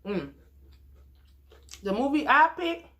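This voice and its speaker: A woman hosts an eating vlog, chatty and playful. Her voice sits a little high, and she laughs easily between bites. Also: very animated, slow pace, bright, forceful tone. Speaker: mukbang vlogger. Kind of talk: casual chat while eating.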